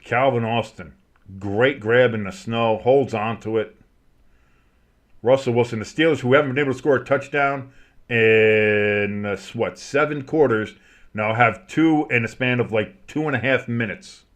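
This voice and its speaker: Excitable man calling football play-by-play. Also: medium pitch, moderate pace. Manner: excitable, crude jokes, shouts on big plays. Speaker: play-by-play host. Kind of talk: fan play-by-play commentary.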